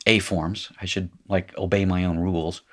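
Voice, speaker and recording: A man's voice: sits low, flat delivery, normal speed. A man teaching a language lesson at a board, patiently drilling forms aloud with wry asides. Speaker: Hebrew teacher. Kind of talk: classroom lecture at a whiteboard.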